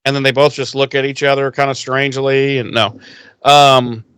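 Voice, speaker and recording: A man's voice: mid-range voice, flat delivery, moderate pace, a bit bright, smooth, no echo. A man co-hosting a podcast, casually recapping an episode, laughing and swearing as he acts out the lines. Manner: laughing, profane, retells scenes in quoted voices. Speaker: podcast co-host.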